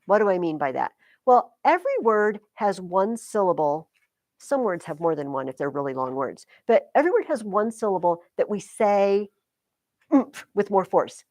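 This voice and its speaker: A woman's voice: fairly high pitch, dry recording. Chatty woman teaching a class. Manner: chatty, explains with sing-song rhythm examples. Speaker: high school English teacher. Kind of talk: classroom lecture.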